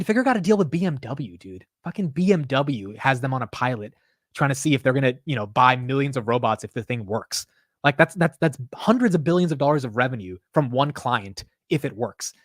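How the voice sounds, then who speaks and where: A man hosting a live stock market stream, talking excitedly and profanely straight to his chat. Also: medium pitch, no echo, studio quality. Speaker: stock market livestream host. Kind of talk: casual live market commentary.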